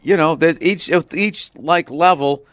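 A man's voice: fairly high pitch, a little slow, fairly bright tone, no room sound. Profane storyteller man. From Boston, USA. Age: middle-aged. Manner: profane, rambling storyteller, lots of "like". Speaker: comedian guest. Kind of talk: casual podcast chat.

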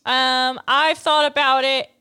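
A woman's voice: sits high, little pitch movement, slow, very noisy. A woman co-hosting a comedy podcast, recapping an episode in casual chat and acting out the characters' lines. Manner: recounts scenes by acting out lines in quotes. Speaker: podcast co-host.

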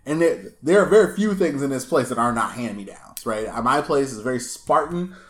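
A man hosting a casual chat, telling a long story with lively asides and laughs, recorded in his apartment. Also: medium pitch, a little fast. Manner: animated storyteller, acts out voices, laughs often. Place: small apartment room. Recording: echoey room.

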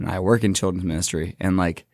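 A young man who works in children's ministry, casually recapping a trip on a talk show in a relaxed, filler-heavy way. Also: sits low, fairly quick, no room sound.

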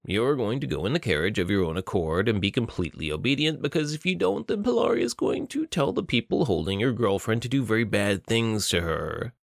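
A male audiobook narrator voicing a menacing, cruel male villain who taunts slowly. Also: on the low side, sing-song, creaky, no room sound, studio quality, exaggerated voice. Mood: threatening.

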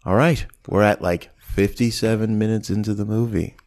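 Low-voiced man co-hosting a movie podcast. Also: normal speed. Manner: animated retelling, acts out quoted lines. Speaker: podcast co-host. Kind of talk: casual movie podcast chat.

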